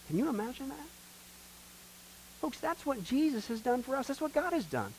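A man teaching a discipleship class as a pastor, questioning the class and swinging from hushed to loud as he tells a story. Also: very high voice, animated, fairly quick, low-quality recording. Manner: retells a story, acting out the voices in it.

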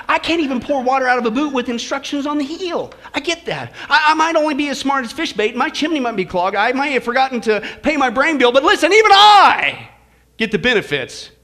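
A man's voice: extremely high pitch, pushed and bright. A male pastor preaching a sermon in a church, folksy and joking, with shifting emphasis.

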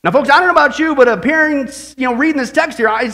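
A male pastor preaching an animated sermon that swings from quiet asides to shouted praise. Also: very high voice, quick pace, hardly any pauses, low-quality recording.

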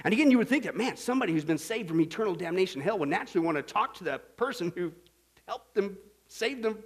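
A pastor delivering a lively sermon, his voice sitting high for a man. He keeps it humorous and animated, throwing questions at the congregation and acting out small scenes to make his point. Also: fast, husky.

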